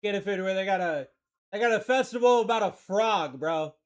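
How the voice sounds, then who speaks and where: A man from Maine with a Maine accent hosts a live card-breaking stream, calling pulls with energetic, slangy banter and shouting over big hits. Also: high-pitched, brisk. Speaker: card-breaking livestream host. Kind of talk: excited live sales commentary.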